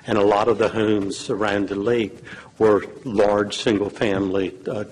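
A man giving legal advice at a public meeting, in a measured, halting way with many fillers, and losing his voice. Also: fairly low pitch, flat delivery, a little mellow, husky, poor audio. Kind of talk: advising at a council meeting.

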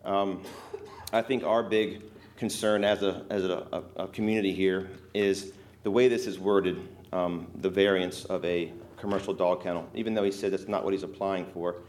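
A man, a local resident, giving earnest, emotional testimony at a public hearing, halting often with fillers. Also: low-pitched, fairly even intonation, a little mellow, a little hiss or hum.

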